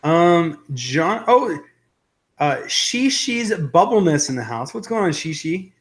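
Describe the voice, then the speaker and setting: A man's voice: fairly high pitch, sing-song, takes it slowly. A young adult man hosting a casual live stream, rambling and joking as he reads viewer comments aloud. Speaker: livestream host.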